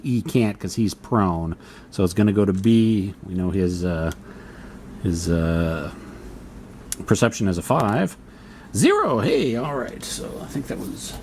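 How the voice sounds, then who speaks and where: Working through each turn of a solo board wargame, a man mutters to himself, reading the rules aloud and reasoning them out. His voice is lowish and darkish, with a little hiss or hum in the recording.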